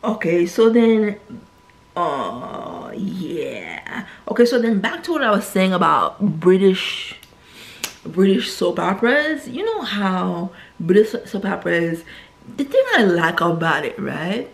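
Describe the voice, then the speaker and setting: A woman's voice: sing-song, slow, creaky. A woman talking casually to her viewers in a rambling monologue, tagging "right?" onto her sentences. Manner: rambling, says "right?" constantly; acts out quoted characters in a higher voice. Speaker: vlogger.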